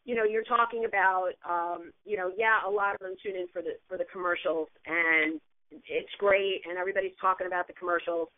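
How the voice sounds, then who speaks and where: A woman's voice: on the low side, fairly even intonation, brisk, no room sound. A woman co-hosting a sports radio show, chatting eagerly about the big game and its commercials. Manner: chatty and enthusiastic, frequent restarts. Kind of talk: casual sports radio chat. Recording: phone-like narrow band.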